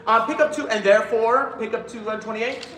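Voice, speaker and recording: Choir director in an echoey hall. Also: male voice, high-pitched, steady tone, a little fast, fairly bright tone, slight background noise. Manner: demonstrates lines by singing, counts in. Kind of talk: choir rehearsal coaching.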